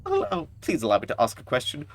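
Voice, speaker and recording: A man doing a whiny high-pitched vampire. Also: huge pitch swings, quick pace, full character voice. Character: fussy high-voiced male vampire fretting over his lost cape.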